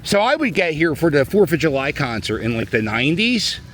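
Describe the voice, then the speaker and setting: A middle-aged man chats into a handheld camera as he walks a snowy city plaza. His voice sits mid-pitch but bounces around a lot as he jokes and rambles off on asides. Street ambience and a faint hiss stay behind him. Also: very animated, fairly quick, fairly bright tone. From Philadelphia. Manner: chatty, joking, rambling asides. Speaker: vlogger. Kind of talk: casual walking vlog commentary.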